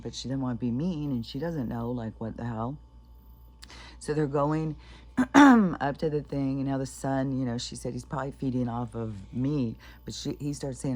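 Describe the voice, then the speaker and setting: A woman's voice: extremely low pitch, moderate pace, a little mellow. A woman rambling through stories in a casual vlog, swearing freely and filling gaps with ums and restarts. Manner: chatty, profane, many fillers and restarts. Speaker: spiritual vlogger.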